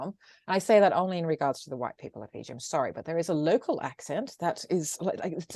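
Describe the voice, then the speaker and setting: A woman in her fifties with an English accent, chatting as an interview guest, animated and often laughing, with frequent restarts. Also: on the low side, fast talker, no room sound. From England. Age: 50s. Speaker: guest, former radio presenter. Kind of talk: casual interview chat.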